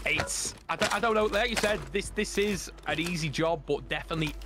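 A man's voice: a little high, a little fast, heavy background noise. A man playing alongside a streamer, chatting casually and thoughtfully between rounds. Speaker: co-player on stream. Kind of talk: casual gameplay chat.

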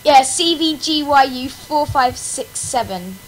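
A woman's voice: high-pitched, expressive, measured pace, slight background noise, rough recording. A woman hosting her gaming channel in casual gameplay commentary, melodramatically complaining about her failures with wails and laughter.

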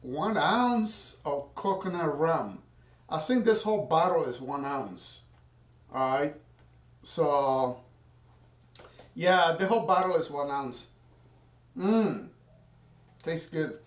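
A home cocktail maker with a slightly high, expressive voice speaks slowly and pauses often. Making a drink at home for a casual cooking vlog, he rambles to viewers, his voice roomy and far off the mic.

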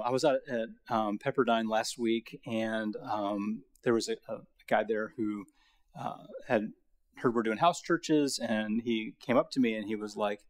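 A middle-aged man giving a Bible lecture to a college audience, talking in a casual, storytelling way with many fillers. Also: mid-range voice. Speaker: guest lecturer.

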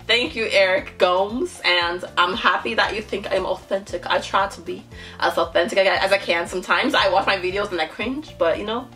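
A woman's voice: mid-range voice, moderate pace, sharp tone, soft background music. A woman hosting a casual reaction vlog, chatty and gushing, laughing often as she talks to her viewers. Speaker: reaction YouTuber.

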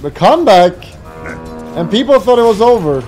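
A man streaming a game with friends, shouting urgent callouts and teasing his teammates. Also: high-pitched, lively intonation, moderate pace, soft background music, low-quality recording. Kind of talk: excited gaming commentary.

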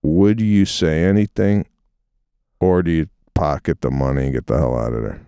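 A man's voice: very deep voice, moderate pace, creaky, dark tone, smooth, dry recording. A man in his forties co-hosting a podcast, telling a story in a casual, incredulous way with trailing restarts. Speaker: podcast co-host. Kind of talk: casual chat.

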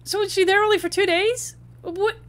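A woman's voice: very high voice, steady tone, moderate pace. A woman hosting a reaction commentary, exasperated and stammering as she talks back at a clip. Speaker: commentary channel host.

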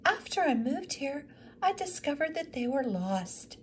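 A woman's voice: high-pitched, very animated, measured pace, a little hiss or hum, pitched above the performer's own voice. A woman voicing a polite, earnest widow in a read-aloud story.

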